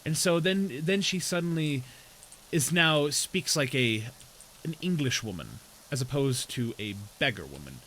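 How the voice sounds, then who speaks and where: A man's voice: on the high side, expressive, a little slow, fairly bright tone, slight background noise, poor audio. A man streaming a game, chatting casually and explaining things in a rambling way. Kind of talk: casual chat while gaming.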